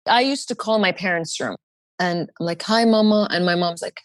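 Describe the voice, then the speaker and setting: A woman's voice: normal speed, dry recording, studio quality. A young woman, a podcast guest telling a personal story with animation, and she acts out the other people's lines. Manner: animated, acts out quoted voices in higher pitch.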